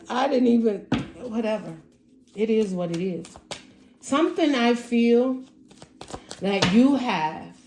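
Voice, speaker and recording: A woman's voice: mid-range voice, warm tone, reverberant, a little hiss or hum. A woman giving a casual tarot reading to camera at home, speaking emphatically and repeating herself as she addresses the viewer directly. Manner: emphatic, repetitive, talks straight to the viewer. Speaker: tarot reader. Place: room at home.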